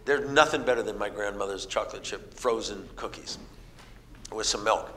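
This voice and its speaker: A man's voice: lowish voice, moderate pace. A middle-aged man preaching a sermon, telling folksy stories and acting out the people in them. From American Midwest. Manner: folksy storytelling, animated voices for quoted people. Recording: reverberant hall with faint noise.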